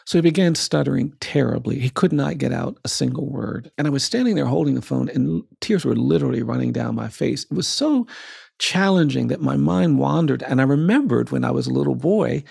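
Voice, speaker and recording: A man, a lawyer, telling a personal story as a podcast guest, speaking in a measured, earnest way and building emphasis through repetition. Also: mid-range voice, expressive, vocal fry, a little mellow, husky, no echo, studio quality.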